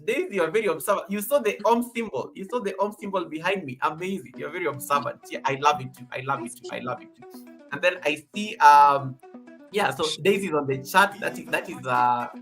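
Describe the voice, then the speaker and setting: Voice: medium pitch, expressive, a little fast, fairly bright tone. A livestream host with a Kenyan accent, chatting casually, reading out viewer comments and repeating phrases. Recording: music playing behind the voice.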